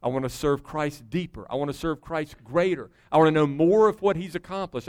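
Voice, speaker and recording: Man, middle-aged, pastor preaching a sermon, earnest and conversational, smooth resonant voice. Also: a little high, a little fast, hardly any pauses, a little mellow. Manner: earnest, conversational preaching with rising emphatic peaks.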